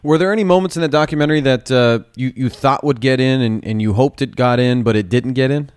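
A man's voice: mid-range voice, fast talker, a little mellow, clear, resonant tone, dry recording. A man interviewing a guest, asking his question with a few hesitations.

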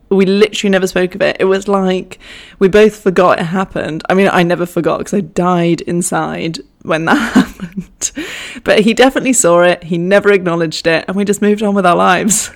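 A young woman telling a funny personal story in a chatty, self-mocking way, swearing freely. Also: medium pitch. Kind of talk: casual anecdote.

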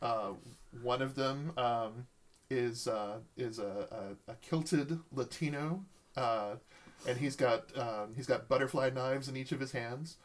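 A man runs a tabletop game as game master, describing characters and action. He talks haltingly with lots of fillers and restarts, at a middling pitch.

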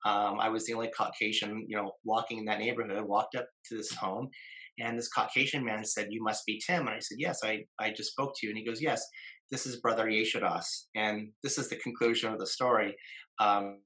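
A man in his fifties tells a personal story at length, halting often with fillers and starting phrases over. His voice sits a little low but sounds bright and forward. He slips into the voices of the people he quotes along the way. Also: steady tone, rough recording. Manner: many fillers and restarts, acts out quoted voices. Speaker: guest. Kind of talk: casual storytelling in conversation.

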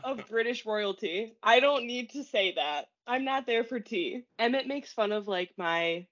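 A woman with a Chicago accent hosting a podcast, chatting casually and swearing freely as she tells animated stories. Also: a little high, measured pace. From Chicago area, USA. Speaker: podcast host. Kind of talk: casual chat. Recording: dull lo-fi audio.

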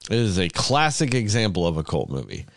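A man's voice: low-pitched, huge pitch swings, fairly quick, creaky, dry recording, studio quality. A man co-hosting a film review podcast, talking emphatically and sardonically. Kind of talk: casual film review chat.

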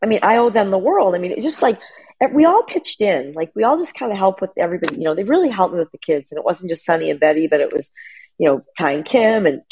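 A woman's voice: fairly low pitch, expressive, fast talker, darkish tone, husky, rough recording. A middle-aged woman in a casual chat, telling rambling family stories full of "like" and acted-out quotes. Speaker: guest.

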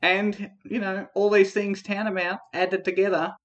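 A man's voice: sits high, little pitch movement, normal speed, lo-fi sound. A man co-hosting a podcast, arguing a comic mock debate against himself in a rambling, conspiratorial way with frequent laughs. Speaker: podcast co-host.

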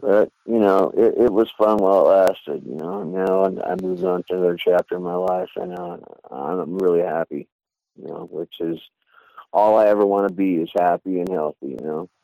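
A deep, gravelly male voice moves briskly as a band singer, here an interview guest, chats loosely and tells animated stories packed with "you know" fillers. There's no echo, but the audio quality is poor.

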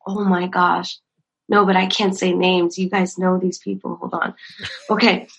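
A woman's voice: on the low side, unhurried, creaky, poor audio. A young woman in ministry telling funny church stories in casual chat, acting out quotes and laughing often. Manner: animated, acts out quotes in a raised voice, laughs often. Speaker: ministry worker, guest.

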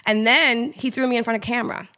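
A woman from Trinidad, a guest in a casual interview, telling her story in an animated way and acting out the voices of people she quotes. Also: fairly high pitch, quick pace.

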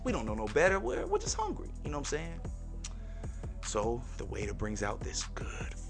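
A man hosting a podcast and telling a personal story in a lively, slangy way, talking straight to his listeners. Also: mid-range voice, normal speed, vocal fry, over music. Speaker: podcast host.

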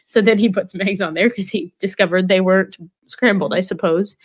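A woman's voice: medium pitch, fairly even intonation, brisk, husky. A woman co-hosting a podcast, chatting casually and teasing with frequent giggles. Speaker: podcast co-host. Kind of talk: casual chat.

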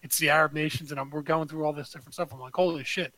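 A man with a bright, fairly high voice talks in a flat, even tone with little rise and fall. He tells his story bluntly and pads it with fillers, and the recording sounds dry and close. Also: rapid-fire, no echo, poor audio. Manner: loose, filler-heavy and blunt. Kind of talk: casual storytelling.

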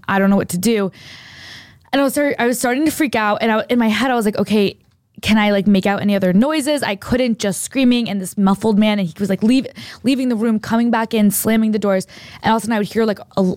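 In a dry studio recording, a young woman with a mid-range voice relates a long anecdote on a podcast. Her telling is lively and wandering, and she peppers it with "like" over and over.

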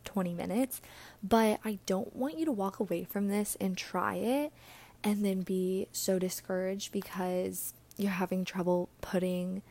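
This podcast host is a young woman with a mid-range, warm voice, chatting earnestly on her own casual show. Breathy and slightly out of breath, she frequently lets her words fade into a whisper.

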